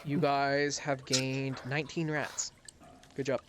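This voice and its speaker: A man running a tabletop game as game master, talking casually and pausing to recall details. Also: medium pitch, level tone, noisy background.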